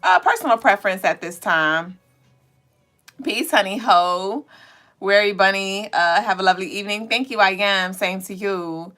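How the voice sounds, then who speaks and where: A woman hosting a casual livestream, chatting with viewers and reading their comments. She talks in an animated way, laughs often, swears casually and sometimes breaks into high squeals. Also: normal speed. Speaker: livestream host.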